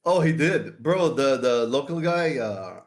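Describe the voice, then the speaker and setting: A man's voice: mid-range voice, expressive, measured pace. A man streaming and chatting casually, laughing often as he tells stories.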